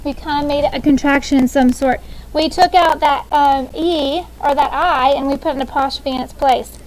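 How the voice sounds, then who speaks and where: A woman's voice: sits high, steady tone, normal speed, rough recording. A woman in her thirties teaching a classroom grammar lesson, upbeat and often checking in with "okay?". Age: 30s.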